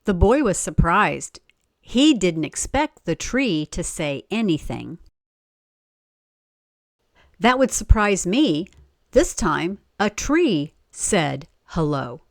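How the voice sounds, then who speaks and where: A woman reading a children's story aloud in an expressive way, stopping to ask the listener questions. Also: fairly low pitch, slow, long pauses, no echo. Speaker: story reader.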